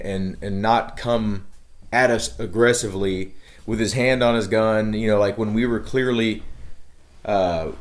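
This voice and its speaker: Rambling, casually profane male vlogger. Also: mid-range voice. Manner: rambling, many "like" fillers, profane. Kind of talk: casual vlog storytelling. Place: outdoors at a shooting area.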